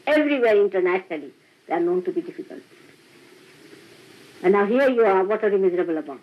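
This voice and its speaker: An older woman speaks to a small gathering of followers with a husky, breathy voice. Her pitch swings widely as she laughs and acts out little exchanges. The old recording sounds dull and lo-fi. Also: big pitch swings, moderate pace. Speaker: spiritual teacher. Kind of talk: informal spiritual talk to followers. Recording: dull lo-fi archival tape.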